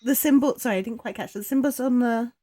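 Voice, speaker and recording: Halting woman game master. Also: a little high, warm tone. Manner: halting, searching for words. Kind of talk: narrating a tabletop game.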